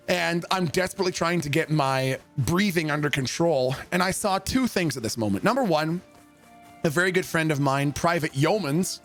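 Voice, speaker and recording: A young man streaming a game, telling a story in a loose, animated way and swearing freely. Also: fairly high pitch, fairly quick, faint music behind. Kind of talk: casual storytelling while gaming.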